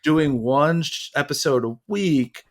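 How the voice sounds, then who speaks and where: A man's voice: a little high, slow pace. A man co-hosting a podcast, talking casually in long rambling thoughts and swearing now and then. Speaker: podcast co-host.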